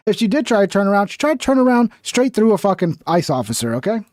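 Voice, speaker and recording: Male streamer, high voice, dry sound; blunt, profane, rambling. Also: sing-song, fast talker, few pauses, darkish tone, dry recording. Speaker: livestream host. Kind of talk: casual livestream commentary.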